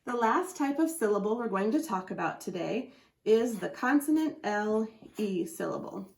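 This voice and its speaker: A woman's voice: mid-range voice, lively intonation, moderate pace, creaky, a little mellow. A woman teaching a phonics lesson, patiently sounding out letters and syllables as she explains a chart. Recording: echoey room.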